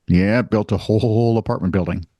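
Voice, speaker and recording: Low-voiced wry man reading news. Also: moderate pace, warm tone, dry recording, lo-fi sound. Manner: wry, jokey, reads news stories aloud. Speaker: co-host. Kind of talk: casual news banter.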